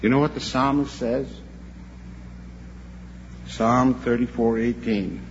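An older man gives a sermon at a church convention, unhurried and earnest. He stumbles and repeats a word now and then as he tells his story. The recording is dull and lo-fi, with a faint hum behind him. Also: mid-range voice.

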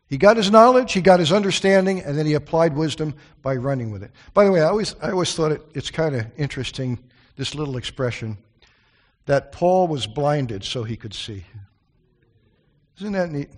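A male preacher giving a Bible study sermon in a fairly high voice. He is earnest and plain-spoken, often stopping for friendly asides and restarting his sentences. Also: expressive, normal speed.

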